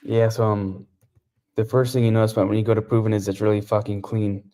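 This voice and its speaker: Man, low voice, monotone, relaxed halting chat, interview guest. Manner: relaxed, halting with many fillers. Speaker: CrossFit athlete, podcast guest.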